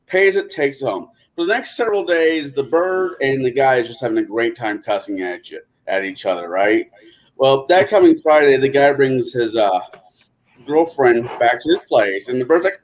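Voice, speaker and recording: Lively man telling jokes. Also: mid-range voice, normal speed. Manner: animated, switches voices for joke characters. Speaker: co-host. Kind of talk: casual joke telling.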